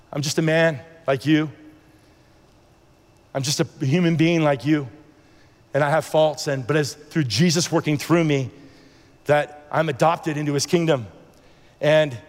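Guy giving a sermon testimony, kinda high voice, lots of restarts, long room echo. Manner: earnest, rambling, with many restarts and quoted dialogue. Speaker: preacher sharing a testimony.

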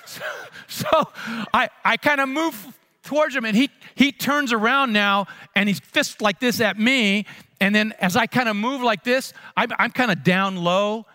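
A man, a pastor, telling a funny story in a sermon with animated, self-mocking comic timing. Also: extremely high pitch, a little slow.

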